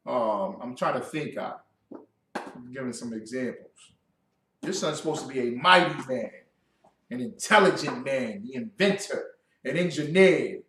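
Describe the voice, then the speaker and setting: A man's voice: a little high, fairly bright tone, a little hiss or hum. A man giving a classroom sermon as a religious teacher, preaching with lots of rhetorical questions. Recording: echoey room, distant mic.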